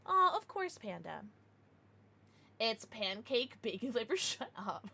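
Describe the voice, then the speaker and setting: A woman in her thirties streaming live, bubbly and quick to laugh as she chats with viewers and reacts to their messages. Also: fairly high pitch, big pitch swings, sharp tone. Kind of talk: casual livestream chat.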